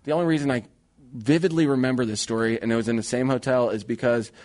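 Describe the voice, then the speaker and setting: An animated young man co-hosting a radio talk show. He tells a story casually in a mid-range voice and keeps jumping into voices for the people in it. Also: mid-range voice, quick pace. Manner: animated, acts out voices in his stories.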